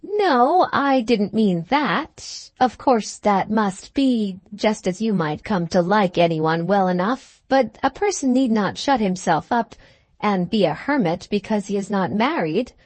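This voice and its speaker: Sincere, innocent young lady, read by a woman narrator; gentle, a little raised. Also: medium pitch, animated, measured pace, no echo.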